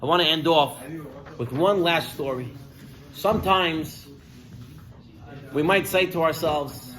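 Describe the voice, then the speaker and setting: Male rabbi, sermon storyteller, slightly high voice, animated, acts out the characters. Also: takes it slowly, pauses often, poor audio.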